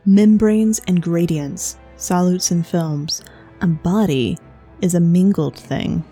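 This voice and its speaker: A woman narrates a story in a measured, even manner. Her voice is low and mellow. Faint music plays under her. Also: slightly rough.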